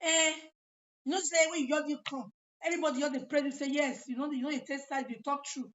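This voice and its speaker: A woman with a Nigerian accent speaks high in her register and hammers her points home with repetition. Her casual monologue is animated and insistent. The recording sounds muffled and lo-fi. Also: quick pace. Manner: animated, emphatic ranting with repeated phrases. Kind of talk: casual monologue mixing Pidgin and local languages. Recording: dull lo-fi recording.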